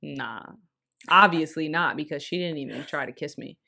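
A young woman co-hosting a podcast, telling a dating story in a loose, slangy, animated way. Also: sits low, moderate pace, vocal fry. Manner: slangy, laughing, animated retelling. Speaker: podcast co-host. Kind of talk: casual storytelling chat.

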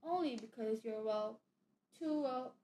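A woman's voice: fairly high pitch, warm tone, a little hiss or hum. A woman reading a stern, impatient woman professor. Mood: brisk. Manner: brisk and impatient. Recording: echoey room.

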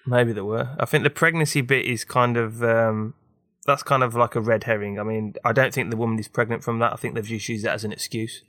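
Brief: young podcast host, skeptical and sweary, dry close sound. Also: male voice, mid-range voice, fairly even intonation, brisk, sharp tone, dry recording. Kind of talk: casual chat.

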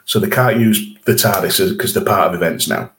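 A man's voice: fairly low pitch, a little fast, a bit bright. A man co-hosting a podcast, chatting casually about an episode and laughing often. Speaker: podcast co-host. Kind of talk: casual chat reviewing an episode.

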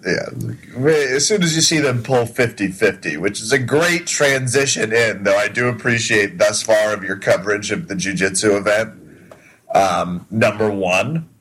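A man's voice: on the low side, moderate pace, a bit bright, slightly rough, rough recording. A man in casual podcast chat, trading wry, teasing banter.

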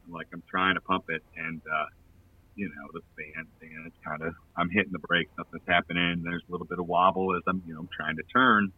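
A man who plays in a touring band tells a long, rambling anecdote in casual chat, laughing often and using lots of fillers. His low voice is fairly even and quick, recorded from a distance with phone-quality sound.

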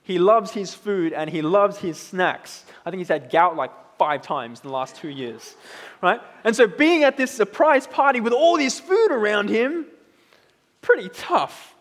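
A man in his thirties preaching a sermon in a relaxed, conversational way, often checking in with "right?". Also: sits high, measured pace, big-room sound. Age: 30s. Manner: conversational, tag questions like "right?".

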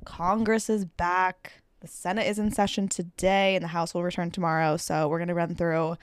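A woman's voice: lowish voice, flat delivery, moderate pace, clean tone. A young American woman co-hosting a casual news podcast, chatty and full of "like". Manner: chatty, lots of "like". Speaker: podcast co-host.

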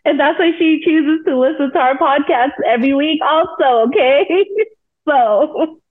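A woman's voice: high-pitched, a little slow. A woman co-hosting a podcast in casual banter, laughing easily, heard through earbuds on a video call. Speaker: podcast co-host. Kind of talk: casual chat. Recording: tinny phone-like call audio.

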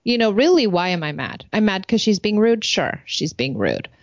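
A woman in her thirties or forties, a podcast co-host, telling stories in an animated way and laughing often. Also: mid-range voice, normal speed, no room sound, highs cut off. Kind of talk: casual podcast chat.

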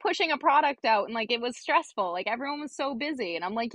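Young woman guest on a podcast, kinda high voice, dry close sound, lively storytelling, acts out what people said. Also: quick pace, no room sound. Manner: animated, acts out quoted dialogue, many fillers. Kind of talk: casual storytelling chat.

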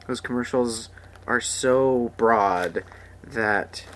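Young man, podcast host, profane sarcastic rant, unhurried, mid pitch. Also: fairly bright tone, a little hiss or hum. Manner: crude, sarcastic, mocks voices of ads.

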